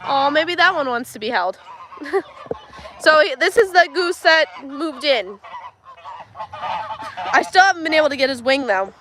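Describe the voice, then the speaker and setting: Filming on a handheld phone around a farmyard and barn, this livestream host speaks in a high, bright, forceful voice over slight background noise. She does chores, chats casually with viewers, addresses her animals and laughs a lot.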